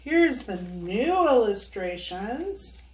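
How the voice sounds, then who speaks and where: Grandmotherly woman reading to children, slow and echoey. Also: fairly high pitch, sing-song, a little mellow, a little hiss or hum. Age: older. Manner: slow, sing-song, coaxing questions to kids. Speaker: children's storyteller. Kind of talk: reading a picture book to children. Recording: echoey room, voice from a distance.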